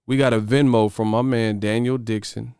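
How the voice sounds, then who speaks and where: Smooth-voiced man ranting casually. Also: mid-range voice, moderate pace, dry recording, studio quality. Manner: profane, animated ranting. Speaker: boxing channel host. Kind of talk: casual livestream chat.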